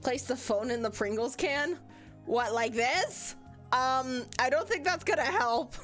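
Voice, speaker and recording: A woman's voice: unhurried, faint music behind. A woman streaming a visual novel, reading aloud and chatting playfully with lots of giggles. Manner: giggly, playful, jumps high when excited.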